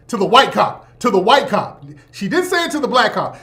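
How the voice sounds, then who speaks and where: A man with a notably high voice talks as host of his own show. His commentary is emphatic and preachy, full of profanity and repeated points, delivered in a loose, casual manner. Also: lively intonation, fairly quick, few pauses, a bit bright.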